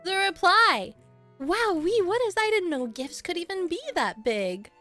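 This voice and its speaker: A woman's voice: extremely high pitch, sing-song, normal speed, soft background music. A young woman streaming live, chatting with her viewers in a playful, teasing way and laughing often. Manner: teasing banter with chat. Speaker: streamer reacting to chat. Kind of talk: casual live-stream chat.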